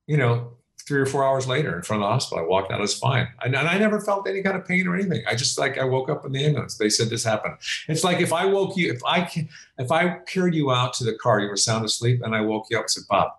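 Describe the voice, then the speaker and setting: A male comedian chatting as a guest from home, telling animated stories and acting out the voices of the people in them. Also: medium pitch, reverberant. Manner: animated storyteller, acts out quoted voices. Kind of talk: casual chat. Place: his home. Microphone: remote call.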